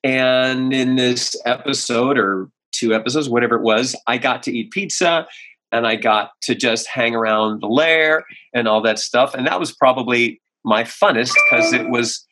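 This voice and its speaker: A man, a voice actor, chatting in an interview and telling animated stories, slipping into voices as he goes. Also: mid-range voice, normal speed. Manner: animated storyteller, slips into voices and impressions. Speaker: voice actor guest. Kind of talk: casual interview chat.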